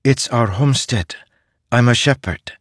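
An earnest young shepherd boy, put on by a deep-voiced man reading aloud, with a tense, pleading edge pitched well above the narration. The delivery is close and dry, with little room sound. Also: a little slow, no echo, close to an everyday voice.

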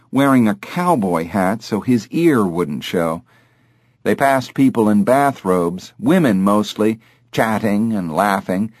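Male audiobook narrator, lowish, slow and expressive, dry studio sound. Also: no room sound. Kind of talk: scripted narration.

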